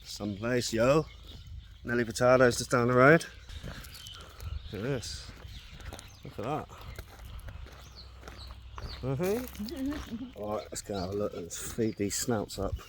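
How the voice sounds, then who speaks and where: Laddish man, slow and animated. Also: mid-range voice, slight background noise. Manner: laddish, slangy, says "mate" a lot. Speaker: travel vlogger. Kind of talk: casual vlog chat. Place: outdoors at an elephant sanctuary.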